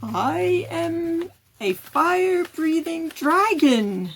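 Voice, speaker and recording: Lady doing a big proud dragon puppet, slow and low, gravelly. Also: very animated, exaggerated voice. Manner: slow, lowered and grand.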